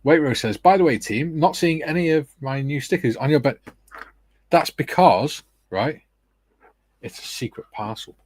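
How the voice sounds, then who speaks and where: A man's voice: a little high, expressive, moderate pace, breathy edge, dry recording. A middle-aged man hosting a casual modelling livestream, reading out viewer comments and joking with friends. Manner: reads out viewer comments, jokey banter. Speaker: livestream host and scale modeller.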